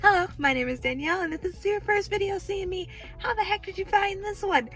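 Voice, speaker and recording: A woman vlogging from a hospital room as a pregnancy vlogger, chatting to camera in a bubbly, gushing, excitable way. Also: extremely high pitch, fast. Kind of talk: casual chat to camera.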